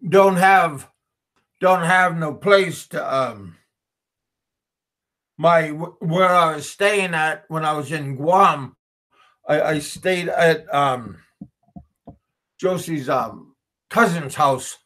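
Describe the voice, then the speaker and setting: Hosting a relaxed livestream, a man reads comments from his chat aloud and responds as he goes. His voice is a touch high for a man, and he speaks slowly and haltingly, repeating words, restarting sentences, and chuckling now and then.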